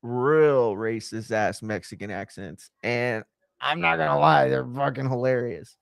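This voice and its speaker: A man's voice: mid-range voice, measured pace, vocal fry, no echo, clean studio sound. A young man casually reacting to wrestling in a slangy, profane, blunt way.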